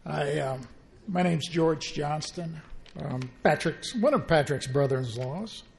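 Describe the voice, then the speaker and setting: A man speaking hesitantly at a faith gathering, halting often with filler sounds. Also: a little high, creaky, slight background noise. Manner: hesitant, halting, many pauses. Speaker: family member speaking at a gathering. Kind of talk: personal sharing at a faith gathering.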